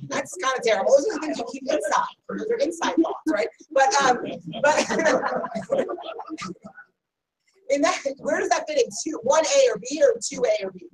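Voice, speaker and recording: A woman teaching a Talmud class, questioning her students in an animated way and correcting herself quickly. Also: high voice. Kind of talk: interactive class discussion. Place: classroom with a live audience. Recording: distant mic in a room, faint noise.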